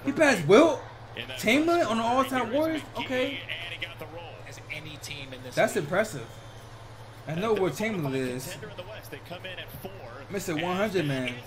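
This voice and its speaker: A man with a notably high voice chats casually over game highlights. He's excitable and slangy, tossing in "bro" at every turn. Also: measured pace, pauses often, crowd noise. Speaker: reaction video host. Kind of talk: casual reaction commentary.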